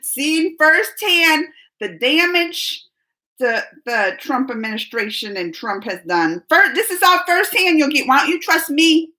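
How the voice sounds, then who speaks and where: High, bright-voiced woman streamer. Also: measured pace, low-quality recording. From United States. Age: 40s. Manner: animated, repeats herself, talks straight to chatters by name. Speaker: live-stream host answering chat. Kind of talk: casual live-stream chat.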